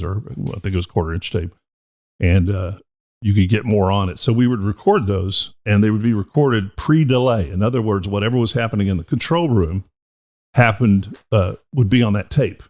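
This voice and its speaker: Man, middle-aged, podcast host, rambling profane storyteller, lowish voice. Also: a little mellow. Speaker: podcast host, former radio DJ. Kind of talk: casual podcast chat.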